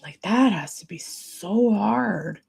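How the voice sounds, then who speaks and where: Husky, gravelly woman confiding. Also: mid-range voice, animated, slow, darkish tone. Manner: confiding and emotional, sympathetic. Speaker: livestream host. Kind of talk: livestream chat with viewers.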